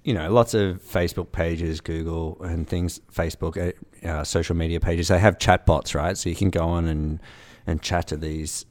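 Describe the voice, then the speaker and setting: A man with a very deep, mellow voice explains a story in casual chat. He talks in a thoughtful, easygoing way. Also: fairly even intonation, moderate pace. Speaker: podcast co-host.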